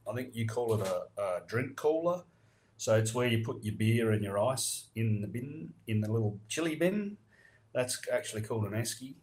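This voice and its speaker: A man with an Australian accent, hosting a podcast and explaining local slang in crude, laid-back casual chat. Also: medium pitch. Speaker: podcast host.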